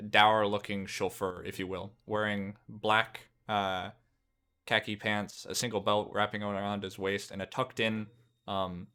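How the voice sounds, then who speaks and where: A man's voice: fairly low pitch, bright, forceful tone, clean tone. A man narrating a tabletop game as game master, rambling with fillers and restarts as he describes scenes.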